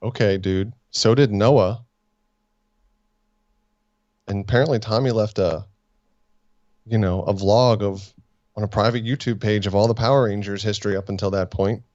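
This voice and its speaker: A man's voice: fairly low pitch, fairly even intonation, normal speed, pauses often, a little mellow, dry recording. A man co-hosting a casual review podcast, rambling, teasing and spinning theories as he talks. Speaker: podcast co-host. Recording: dull lo-fi sound.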